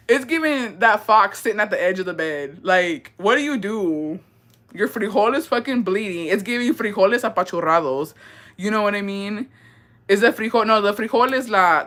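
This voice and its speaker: A young woman hosting and reading viewer stories in a casual, animated chat, swearing freely and mixing in Spanish words. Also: medium pitch, normal speed. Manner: bursts of laughter and dramatic reactions.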